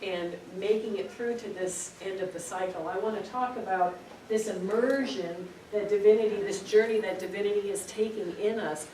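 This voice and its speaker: A middle-aged woman teaches a small group in an informal, earnest spiritual talk, full of stories and repeated words. She sits away from the mic, so her voice carries a roomy echo. Steady background noise runs beneath her. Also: medium pitch, normal speed. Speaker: spiritual speaker. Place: meeting room. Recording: echoey room, distant mic, noisy.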